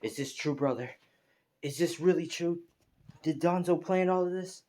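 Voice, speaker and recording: A man voicing an angry, intense young male ninja in a fan story, with a shouting, strained delivery. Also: mid-range voice, expressive, brisk, natural voice.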